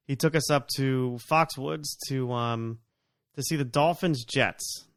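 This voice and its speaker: A man's voice: mid-range voice, takes it slowly. A man hosting a podcast, chatting loosely and laughing through his own anecdotes. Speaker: podcast host. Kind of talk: casual interview chat.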